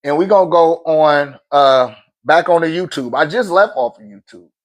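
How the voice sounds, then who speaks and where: A man's voice: fairly high pitch, moderate pace. A man hosting a phone livestream, preaching in a casual, slangy way and laughing often between points. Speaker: livestream host.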